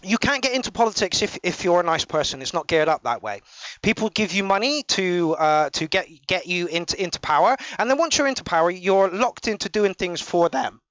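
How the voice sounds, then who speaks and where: Ranting sweary man, high voice. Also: lively intonation, a bit bright, dry recording. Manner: sweary, ranting, halting restarts. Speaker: podcast host reviewing songs. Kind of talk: casual live review chat. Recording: dull lo-fi dry mic.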